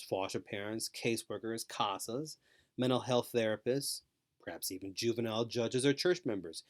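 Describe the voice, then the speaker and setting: A man giving a scripted training lecture to caregivers, speaking slowly with calm, repetitive emphasis. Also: fairly low pitch. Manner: slow, repetitive, soothing emphasis.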